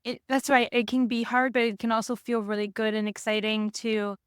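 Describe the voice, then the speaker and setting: A woman's voice: a little high, fairly even intonation, a little fast, smooth, dry recording, clean studio sound. A woman hosting a podcast, talking in a loose, rambling way with many restarts. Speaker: podcast host. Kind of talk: casual conversation.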